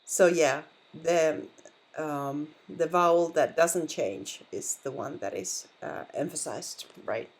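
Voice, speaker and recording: A woman's voice: sits low, takes it slowly, breathy edge. A woman with a Finnish accent, patiently explaining pronunciation in a language lesson and repeating words to model them. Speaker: language teacher.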